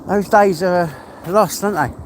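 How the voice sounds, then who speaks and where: A man's voice: high voice, unhurried. A middle-aged English man chatting casually as he walks his dog, rambling and talking to the dog now and then. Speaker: vlogger walking his dog. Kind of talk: casual vlog chat. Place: outdoors in the countryside by a river. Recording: clear outdoor background noise.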